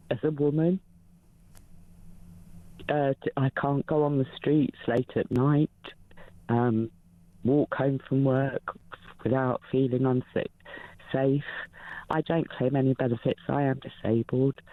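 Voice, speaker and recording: Woman caller, fifties, emotional, halting, lots of ums, tinny phone line, dry sound. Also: extremely low pitch, no room sound. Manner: emotional, halting, many fillers. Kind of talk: phone-in call. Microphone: telephone.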